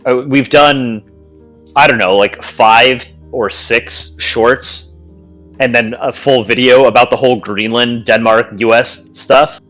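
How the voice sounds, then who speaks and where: A man's voice: medium pitch, steady tone, slow pace, fairly bright tone, faint music behind, low-quality recording. A man co-hosting a podcast in casual chat, rambling easily from point to point. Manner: rambling, easygoing, "you know" fillers. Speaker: podcast co-host. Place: podcast studio.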